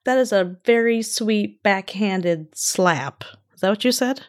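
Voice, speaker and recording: A woman's voice: mid-range voice, a little slow. A woman, the host's sister, teasing him bluntly and sarcastically in casual podcast chat. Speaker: guest, host's older sister.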